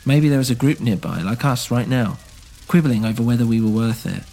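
Brief: man reading as a husky, gravelly young outcast, earnest and stubborn, in an audio drama. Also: medium pitch, a little fast, mellow. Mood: pleading. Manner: earnest, pleading, rising to defiance. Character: impassioned young man, orphaned village outsider.

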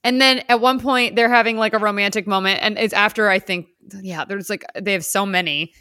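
A woman co-hosting a podcast, chatting casually about a movie, animated and giggly, acting out lines. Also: medium pitch, fairly quick, smooth, dry recording, studio quality. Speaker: podcast co-host. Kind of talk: casual chat recapping a movie.

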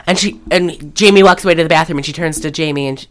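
A young woman co-hosts a podcast, casually recapping a movie in a low voice at a quick pace. She acts out the characters' lines in exaggerated voices.

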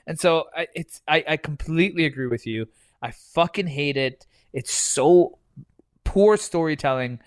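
A man co-hosting a podcast rants about what he dislikes and swears freely along the way. His voice sits slightly high, and the recording is dry and close, with little room sound. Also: a little slow, clear, resonant tone, no echo. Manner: ranting, swears often, mimics people in quotes. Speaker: podcast co-host. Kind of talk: casual chat.

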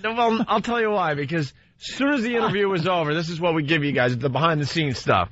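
A man hosting a radio talk show, rambling through his stories with a lot of restarts and fillers. His voice sits a bit high, and the broadcast sound is muffled and dull. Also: quick pace, fairly bright tone, dry recording. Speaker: radio host. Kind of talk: casual radio banter.

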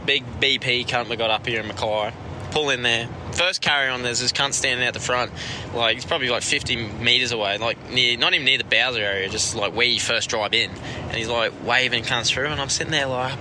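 Aussie bloke calling in outdoors, mid pitch, rambling and profane, clear traffic noise. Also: male voice. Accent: Australian. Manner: rambling, swearing, rushed. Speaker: caller. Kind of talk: phoned-in story. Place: outdoors by a car. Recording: noisy outdoor phone message.

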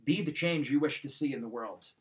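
A man with a slightly raised pitch gives motivational life advice. He talks straight at the listener like a coach and drives the same points home again and again. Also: a little fast. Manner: direct, coaching, repeats key points. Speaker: podcast host giving life advice. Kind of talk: motivational talk.

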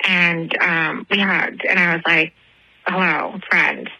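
A woman's voice: on the low side, fairly even intonation, slow pace, sharp tone, no echo, poor audio. A young woman leaving a rambling, apologetic voicemail outdoors at night, telling a personal story and giggling as she goes. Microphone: phone voicemail.

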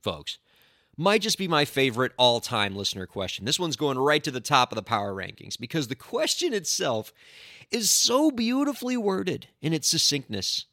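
An animated male podcast host speaks in a bright, lively voice that swings widely in pitch. He is indignant and playfully sarcastic. The close, dry recording has almost no room sound. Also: moderate pace, dry recording. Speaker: podcast host, entertainment lawyer. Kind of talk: solo podcast monologue.

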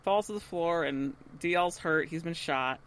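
A woman's voice: on the low side, normal speed, slight background noise. A woman co-hosting a podcast, animatedly retelling a TV episode and laughing often. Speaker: podcast co-host. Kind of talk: casual episode recap.

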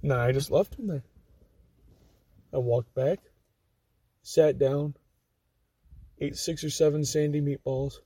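Slow and husky, pausing often, this young man's a-little-high voice drives profane, casual storytelling as a podcast guest. He animatedly reenacts what people told him.

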